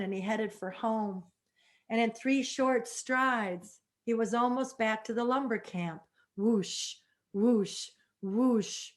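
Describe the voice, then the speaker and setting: A woman storyteller telling a folk tale dramatically, adding spoken sound effects. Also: fairly high pitch.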